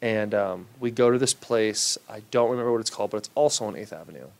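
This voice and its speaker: A man's voice: lowish voice, fast talker, vocal fry, a little mellow. A young man chatting as a podcast guest, rambling through stories and laughing at himself. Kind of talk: casual podcast chat.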